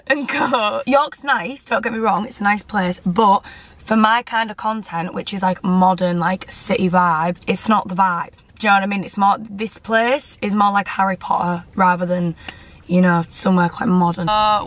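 A young woman vlogs casually to camera, chatty, blunt and sweary, and laughs easily. Her mid-range voice is a bit bright, and there's a little hiss or hum in the recording.

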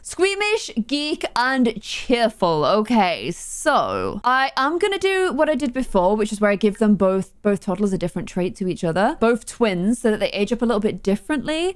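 A young woman giving chatty, exasperated commentary over her own gameplay, quick to exclaim when things go wrong. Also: a little high, clean tone. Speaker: gaming YouTuber.

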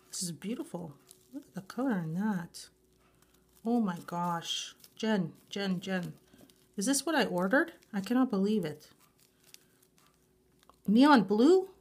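Woman, nail vlogger, slow drawn-out speech, gushing exclamations, repeats herself, unboxing chat. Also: medium pitch, darkish tone, slightly rough. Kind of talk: unboxing a grab bag, excited casual chat.

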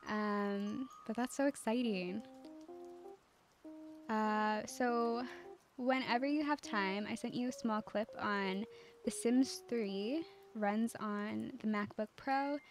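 A woman streaming a life-sim game, chatting casually with viewers in a calm, cozy way, giggling often and using lots of fillers. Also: mid-range voice. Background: faint game music.

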